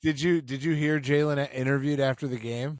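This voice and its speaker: A man's voice: mid-range voice, steady tone, a little fast, no room sound. Teasing male podcast co-host. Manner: dry, teasing quips. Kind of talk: casual sports chat.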